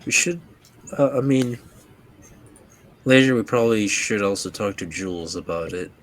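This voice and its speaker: A man's voice: lowish voice, lively intonation, normal speed, a little hiss or hum. A man playing in a tabletop game, chatting casually with dry, joking remarks. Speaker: player.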